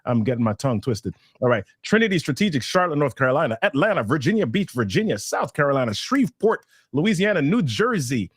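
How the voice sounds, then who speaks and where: A man hosting a live online workshop, talking with excitable energy as he introduces a guest and reads viewer names from the chat. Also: fairly high pitch, fast, hardly any pauses, slightly rough, dry recording, studio quality. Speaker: host. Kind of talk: hyped live-stream hosting.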